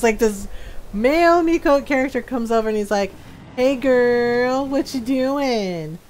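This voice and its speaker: A middle-aged woman streaming a game, chatting casually with her viewers and laughing often. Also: mid-range voice. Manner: chatty, giggly, talks to chat while playing. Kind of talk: casual gaming stream chat.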